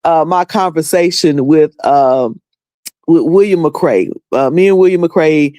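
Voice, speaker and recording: A woman's voice: low-pitched, a little slow, dark tone, dry recording. A woman with a North Carolina accent chatting casually on her livestream, rambling with many fillers and restarts. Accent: Southern US, North Carolina. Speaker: livestream host.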